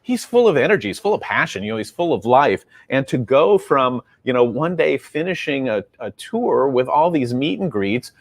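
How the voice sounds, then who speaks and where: A man's voice: mid-range voice, sing-song, moderate pace, hardly any pauses, dry recording. A man hosting an interview, speaking earnestly and reflectively as he steers the conversation toward his guest's story. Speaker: interview host. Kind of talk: casual interview.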